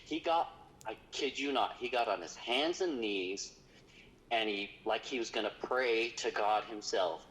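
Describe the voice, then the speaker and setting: A man's voice: lowish voice, a little slow, fairly bright tone, poor audio. A man, a paranormal investigator, telling a story in casual conversation, rambling with lots of fillers.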